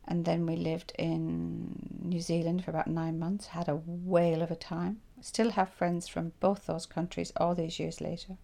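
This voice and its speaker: In an interview, an Irish woman in her sixties shares reflective stories from her life, acting out her past thoughts as she goes. Her fairly low voice has vocal fry, and she speaks unhurriedly with hardly any pauses, animated throughout.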